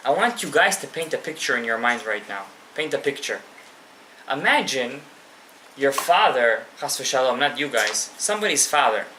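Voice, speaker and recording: A man's voice: mid-range voice, big pitch swings, normal speed, bright, forceful tone, reverberant, slight background noise, poor audio. A male rabbi giving a live Torah class, passionately addressing his listeners directly and mixing in Hebrew terms.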